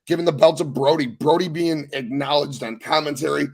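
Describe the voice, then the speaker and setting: A young man hosting a casual wrestling recap podcast, talking with excited, profane emphasis. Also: on the high side, normal speed, gravelly, few pauses. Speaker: podcast host.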